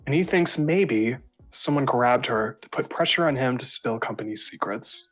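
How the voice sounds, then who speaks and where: A man narrating as game master of a tabletop game, in relaxed, chatty talk. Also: medium pitch, moderate pace. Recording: faint music behind.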